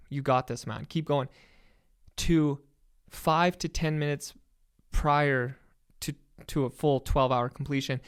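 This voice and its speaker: Excited swearing Canadian man, smooth voice. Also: on the high side. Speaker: podcast guest. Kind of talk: casual storytelling.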